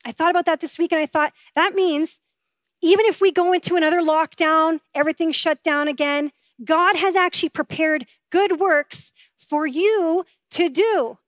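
A woman's voice: extremely high pitch, normal speed, no room sound. A woman pastor giving a sermon in an earnest, conversational way, asking her listeners rhetorical questions.

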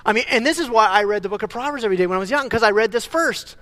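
A man preaching a sermon as pastor, animated, often stumbling and repeating words as he builds a point. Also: sits high, racing, big-room sound.

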